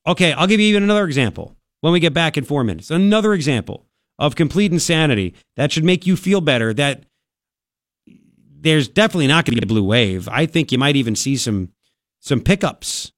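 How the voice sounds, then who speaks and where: A man's voice: medium pitch, no echo, clean studio sound. A man hosting a political talk radio show, chatting casually and mocking other people in put-on voices. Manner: animated, conversational, mocking impressions of others.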